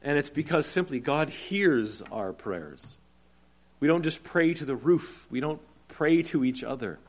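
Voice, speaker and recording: A man preaching a sermon, deliberate and earnest, slowing down on key words and rising to urgent cries when he stresses a point. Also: fairly high pitch, lively intonation. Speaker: pastor.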